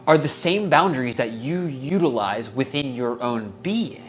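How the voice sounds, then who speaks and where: Earnest casual man on self-help. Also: mid-range voice. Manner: earnest, casual, swears freely, gets emotional. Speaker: wellness podcast host. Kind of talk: heartfelt self-help monologue.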